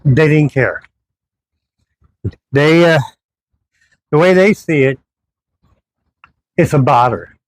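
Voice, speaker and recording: A man's voice: on the high side, takes it slowly, pauses often, no echo. A man vlogging casually to camera, recounting events with indignation and frequent restarts. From foreigner living in the Philippines.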